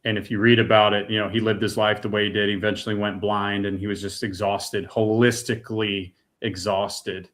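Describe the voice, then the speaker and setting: Middle-aged male guest, lowish voice, earnest and emotional personal testimony, casual talk. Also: little pitch movement, fairly quick, hardly any pauses, a bit bright. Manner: earnest, emotional storytelling with casual fillers like "dude" and "man". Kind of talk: personal testimony in a podcast interview.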